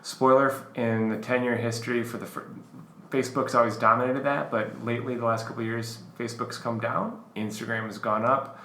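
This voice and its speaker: A man's voice: mid-range voice, fairly quick, roomy sound, slight background noise. A man co-hosting a podcast in casual chat, rambling with lots of fillers. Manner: relaxed, rambling, filler-heavy. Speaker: podcast co-host.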